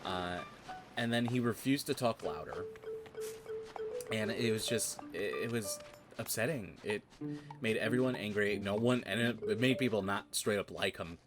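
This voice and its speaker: Over video game music, a streamer who also runs tabletop games plays and chats casually, rambling through stories, laughing a lot, and swearing freely. His voice is fairly low and his speed normal.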